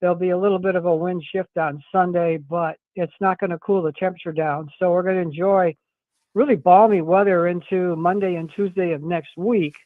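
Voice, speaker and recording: A man's voice: high-pitched, steady tone, a little fast, dry recording. Upbeat weatherman on a tinny phone line. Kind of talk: radio weather report by phone.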